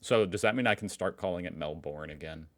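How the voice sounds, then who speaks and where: A man's voice: deep voice, fast, fairly bright tone. An American man hosting a reaction video, chatting casually with jokey, self-mocking asides. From United States.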